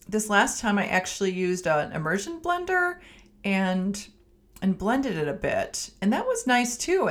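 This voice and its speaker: A middle-aged woman, hosting her own podcast as a family physician and talking in a chatty, homey way with many ums and restarts. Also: medium pitch. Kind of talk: casual solo podcast talk.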